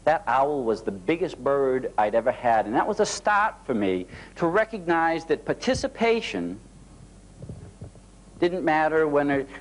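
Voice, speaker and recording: A man giving a motivational talk, telling personal stories in a folksy, animated way with an occasional light laugh. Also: fairly high pitch, a little slow, low-quality recording. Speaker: motivational speaker. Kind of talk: storytelling keynote talk.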